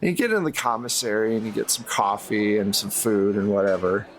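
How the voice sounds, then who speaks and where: A man narrating a tabletop horror game as game master, in a relaxed, chatty way. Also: on the low side, a little fast, slight background noise.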